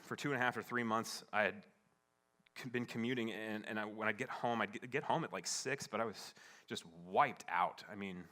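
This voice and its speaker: This pastor's sermon, delivered at a church service, centers on a personal story. His voice sits on the low side; he sounds earnest yet halting, restarting sentences often and alternating quiet passages with emphatic ones.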